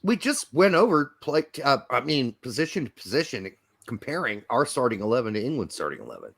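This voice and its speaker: Lively, jokey man chatting football. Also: mid-range voice, brisk, creaky, breathy edge. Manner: animated, jokey, rambling. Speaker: podcast co-host. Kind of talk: casual sports chat.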